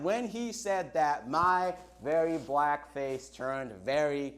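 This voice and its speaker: A middle-aged man from Nigeria with a Nigerian accent, preaching a livestreamed sermon in an animated storytelling way, stretching out words for emphasis. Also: fairly high pitch, takes it slowly, hardly any pauses. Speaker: pastor.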